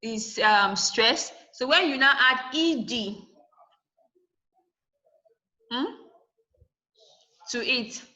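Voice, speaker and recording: A woman teaches a class over a video call. Her voice sits fairly high and rings bright and forceful. She asks the class questions, answers them herself, and repeats the points she wants them to remember. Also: lively intonation, drawn-out words, long pauses, dull audio. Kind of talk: online class lesson.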